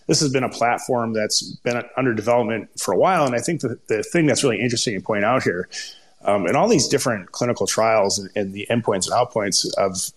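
A man with a Minnesota accent, speaking as a guest expert in an ad-libbed panel talk, stumbling and restarting often. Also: on the low side. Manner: halting, many restarts and jargon.

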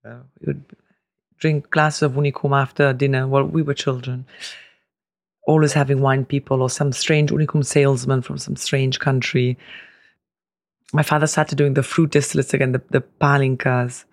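Gravelly middle-aged man telling family stories. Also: medium pitch, little pitch movement, moderate pace, dry recording, clean studio sound. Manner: rambling anecdotes with fillers, laughs easily. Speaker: guest, family business heir. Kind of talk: casual storytelling interview.

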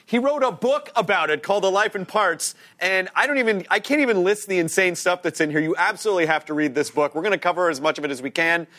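Upbeat guy hosting a tv talk show, bright forceful voice, a bit high. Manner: excitable, fast, bursts into shouts and laughs. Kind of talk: energetic studio talk show. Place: TV studio with live audience.

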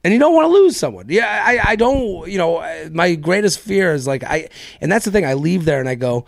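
Gravelly animated man telling a story. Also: fairly high pitch, a little fast, no room sound, studio quality. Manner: animated storytelling, acts out exchanges. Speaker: podcast host. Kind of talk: solo comedic rant.

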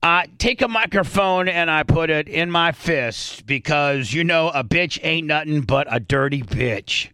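A man's voice: fairly high pitch, unhurried, few pauses, sharp tone, clean tone. A man hosting a radio show, rambling through casual studio talk with lots of restarts and half-sung rap lyrics. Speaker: radio host.

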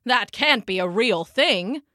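A woman voicing a frantic male train engineer who shouts his lines in a rush. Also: fairly high pitch, expressive, slow, no echo, studio quality, full character voice. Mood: worried.

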